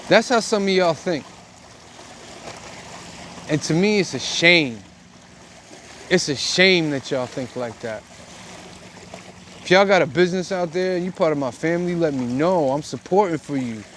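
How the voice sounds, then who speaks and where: A man's voice: a little high, moderate pace, pauses often, fairly bright tone, a little hiss or hum. A middle-aged man from the United States giving an earnest, preachy monologue for his vlog, recorded outdoors by a river. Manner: earnest and preachy, speaks in repeated phrases. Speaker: vlogger. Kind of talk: reflective monologue.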